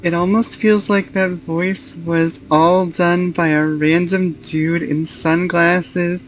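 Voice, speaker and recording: Lady streamer chatting slow over a game, voice jumps around, dull lo-fi audio. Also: lowish voice, level tone, soft background music. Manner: laughs loudly and shrieks in disbelief. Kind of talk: casual game commentary.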